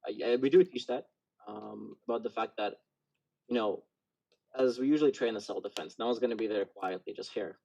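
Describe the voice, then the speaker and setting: A man who is a martial arts instructor, a guest in a casual chat, speaking haltingly with many fillers. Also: lowish voice, creaky, dark tone, rough recording.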